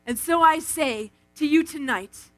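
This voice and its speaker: A woman giving a lively devotional talk from an outdoor event stage, acting out quotes and calling on the crowd on a stage microphone. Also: high voice, measured pace, soft background music. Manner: animated, acts out quotes, calls on the crowd. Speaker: speaker at a live Christian event. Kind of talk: energetic devotional talk with storytelling.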